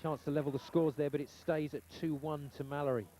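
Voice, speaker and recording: A man calling live play-by-play sports commentary in brisk, excited calls. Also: fairly high pitch. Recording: old TV broadcast with audible noise.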